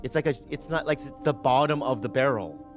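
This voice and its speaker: A man's voice: medium pitch, fairly quick, over music. A man hosting a podcast, rambling and joking in casual banter with many fillers and restarts. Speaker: podcast host.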